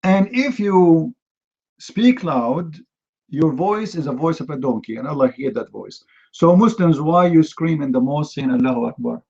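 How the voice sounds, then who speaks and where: A fairly high-voiced man hosts a live-stream debate in broken, non-native English. He fires off mocking rhetorical questions, stumbles through fillers and repeats himself. The audio is dull and lo-fi, like a muffled stream. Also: lively intonation, unhurried, a little mellow. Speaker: host of a live online debate. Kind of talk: heated live-stream commentary.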